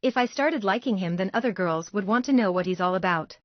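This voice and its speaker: A woman's voice: medium pitch, expressive, a little fast, dry recording, muffled recording, close to an everyday voice. A woman voicing a whiny lovesick teenage girl. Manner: whiny teen sulk.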